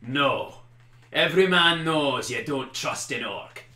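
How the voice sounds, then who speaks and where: A man voicing a cool, wary male commander who distrusts orcs and speaks quickly, in a measured way, in a tabletop game. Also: steady tone, close to an everyday voice. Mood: shouting. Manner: quick, measured and low, rising to shouts. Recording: roomy echo.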